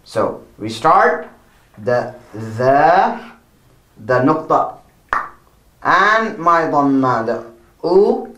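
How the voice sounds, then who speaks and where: A man's voice: medium pitch, big pitch swings, very slow, long pauses, fairly bright tone, roomy sound, poor audio. A male Quran recitation teacher giving a children's lesson, patiently repeating each word and correcting wrong versions.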